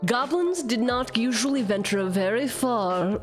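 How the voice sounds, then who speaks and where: A woman's voice: on the high side, lively intonation, unhurried, soft background music. A woman streamer in casual live-stream chatter, reading card text aloud and joking at her own expense, swearing freely. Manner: playful, self-mocking, swears freely, jumps between jokes and reading. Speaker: streamer opening card packs.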